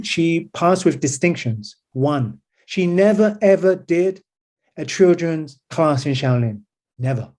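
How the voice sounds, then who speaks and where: A man's voice: a little high, a little mellow. A man who teaches Pilates and breath work, a podcast guest talking earnestly and with emphasis. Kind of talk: casual conversation.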